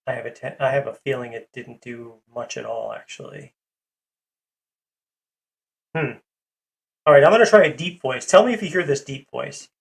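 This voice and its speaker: A man's voice: medium pitch, moderate pace, long pauses. A man hosting a casual livestream, rambling with many fillers as he greets viewers and reads chat. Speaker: livestream host.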